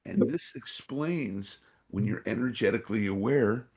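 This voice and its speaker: Guy from san francisco on a podcast, low gravelly voice, lots of uh and you know, acts out little voices. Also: lively intonation, unhurried. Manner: rambling, filler-heavy, acts out quoted inner voices. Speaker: podcast guest, energy awareness trainer. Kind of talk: podcast interview storytelling.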